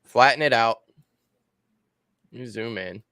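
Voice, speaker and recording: Bright, crisp man walking through a screen share. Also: mid-range voice, a little slow, no echo. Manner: explains step by step while sharing his screen. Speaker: guest co-host. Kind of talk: casual livestream walkthrough.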